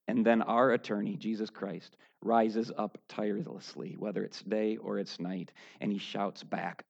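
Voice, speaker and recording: A man preaching a sermon, going from low, quiet talk up to loud, shouted high points. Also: level tone, measured pace, gravelly, hardly any pauses, dull audio. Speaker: pastor.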